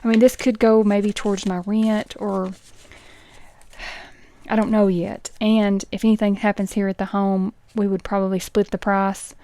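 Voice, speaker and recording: A middle-aged woman chats casually as she counts cash out loud, sometimes dropping into a soft whisper. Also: mid-range voice, level tone, moderate pace. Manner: counts bills aloud, chatty asides, dips into soft whispers. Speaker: budgeting vlogger.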